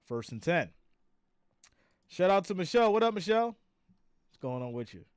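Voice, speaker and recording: A man's voice: high-pitched, sing-song, normal speed, clear, resonant tone, dry recording, studio quality. A tired man hosting a live stream, calling the plays and reading viewer comments aloud in a chatty, laughing way. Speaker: live stream host doing play-by-play. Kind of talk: casual live play-by-play and chat reading.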